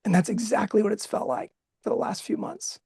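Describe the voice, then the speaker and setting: Emotional man with a husky voice. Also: sits high, fairly quick, no echo, studio quality. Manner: emotional, expressive, laughs often. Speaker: guest speaker. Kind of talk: candid personal storytelling.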